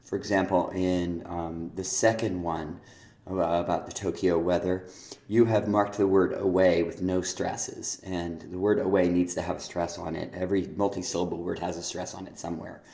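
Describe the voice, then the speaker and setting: Reviewing a student's poetry assignment on tape, a male teacher speaks in a low, gravelly, mellow voice with flat delivery. He reads verse lines aloud amid many fillers and restarts, recorded in an echoey room.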